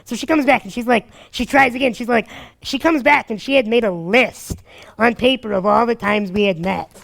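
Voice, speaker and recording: A man giving dating advice through energetic, animated stories, acting out what people said and laughing often. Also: extremely high pitch, moderate pace, gravelly. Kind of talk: animated storytelling talk.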